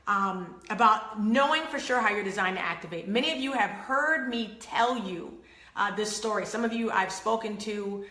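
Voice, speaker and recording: A woman hosting an inspirational faith talk, telling stories with acted-out quotes and lively laughter. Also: mid-range voice, reverberant. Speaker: host.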